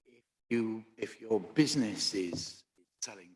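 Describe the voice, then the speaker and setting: A man speaks at a council committee, slowly and haltingly, restarting his sentences often. His voice is fairly low. The hall gives it a long reverb. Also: lively intonation, a little mellow. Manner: hesitant, many pauses and restarts.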